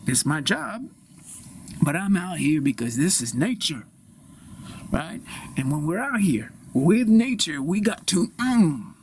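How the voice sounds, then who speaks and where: A man improvising an earnest nature guide who tries to calm his quarrelling group. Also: sits high, slow, vocal fry, a little hiss or hum, heavily acted. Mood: placating. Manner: soothing, preachy, earnest. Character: earnest male nature guide, would-be peacemaker. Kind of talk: improvised comedy.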